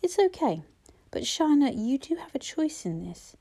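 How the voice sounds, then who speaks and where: A composed male teacher, speaking low and smooth with careful politeness, as a woman reads him. The tone stays mellow and unhurried. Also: sing-song. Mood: kindly earnest. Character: calm, persuasive male schoolteacher.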